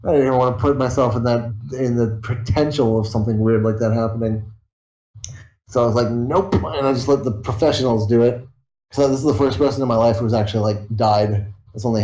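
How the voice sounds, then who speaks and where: A man's voice: medium pitch, mellow. Tired, rambling young man in an echoey room. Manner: tired, rambling, swears a lot. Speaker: YouTuber streaming to viewers. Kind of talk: rambling casual chat. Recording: roomy echo.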